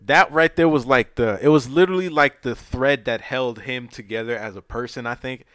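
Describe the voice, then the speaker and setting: A man's voice: medium pitch, moderate pace, clean tone, dry recording, studio quality. A man co-hosting a casual podcast chat, retelling movie scenes with loose, profane street talk and acting out the characters. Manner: animated storyteller who acts out movie scenes. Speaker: podcast co-host.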